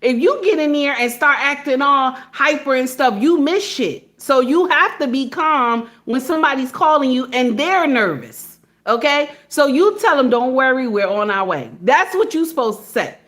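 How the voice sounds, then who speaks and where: A woman speaking in a casual monologue, blunt and animated, acting out phone calls and driving points home with repeated "okay?". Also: high-pitched, moderate pace, few pauses. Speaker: social media commentator.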